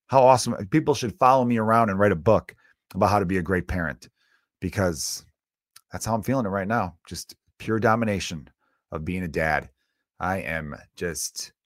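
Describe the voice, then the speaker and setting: A man in his thirties, a comedian hosting his own podcast, delivering an animated, self-mocking solo rant. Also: low-pitched, no room sound, studio quality.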